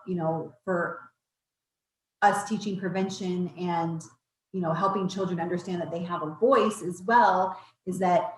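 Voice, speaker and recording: Thoughtful lower-voiced woman, echoey room. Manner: thoughtful, searching for words. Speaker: co-presenter. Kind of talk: training presentation. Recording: roomy echo.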